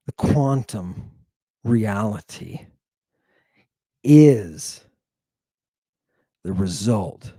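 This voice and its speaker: Slow, dramatic male lecturer. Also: slightly rough, no echo, studio quality. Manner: dramatic, swings between loud exclamations and low murmurs; teasing, confrontational with the listeners. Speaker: teacher. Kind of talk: lecture on Ancient Greek words.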